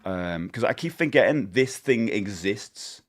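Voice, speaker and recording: Chatty man with lively pitch. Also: measured pace. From United Kingdom. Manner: rambling, chatty, self-correcting, laughs often. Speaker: live streamer. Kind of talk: casual live-stream chat.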